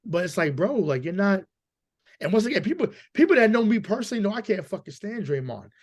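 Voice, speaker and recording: Hoarse male sports-podcast co-host, slightly high voice, ranting hard with stammered restarts. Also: very animated, quick pace, darkish tone. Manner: emphatic, profane, stammering repeats. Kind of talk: casual sports chat.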